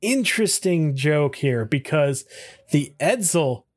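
A man's voice: on the high side, expressive, slow. A man co-hosting a podcast, recapping a TV episode in casual chat and laughing often as he retells it. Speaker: podcast co-host.

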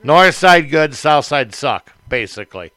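A man's voice: a little high, animated, a little slow, bright, forceful tone, no room sound. A man co-hosting a casual chat, crude and joking, who reads out news stories.

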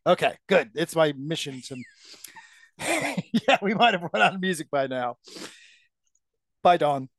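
A man's voice: fairly high pitch, lively intonation, a little slow, pauses often, fairly bright tone, no echo, studio quality. A middle-aged man co-hosting a podcast in casual chat, playful and jokey, laughing often. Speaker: podcast co-host.

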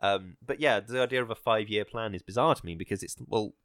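A man's voice: lowish voice, fast talker, a bit bright, no room sound, clean studio sound. A man chatting casually about a film, rambling and hesitant with many fillers and restarts.

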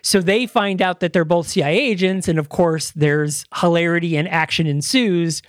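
A man's voice: a little high, moderate pace, no room sound, studio quality. Enthusiastic rambling podcast host man. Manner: rambling and enthusiastic, casual swearing. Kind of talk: casual chat.

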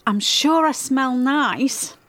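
A woman's voice: sits high, takes it slowly, fairly bright tone, no room sound. A woman from the English Midlands chats playfully on a couple's podcast and laughs often. Her voice sits a touch above the usual. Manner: giggly, chatty, playful. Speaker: podcast co-host. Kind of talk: casual couple chat.

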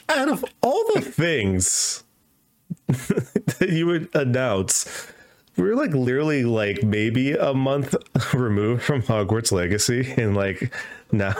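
Podcast dude, slow easygoing talk, cracks dry jokes. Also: male voice, medium pitch. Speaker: podcast co-host. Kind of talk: casual chat.

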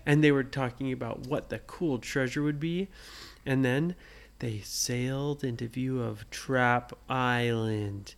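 A man slowly telling an improvised bedtime story to a child, gently asking the listener questions as he goes. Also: medium pitch, creaky.

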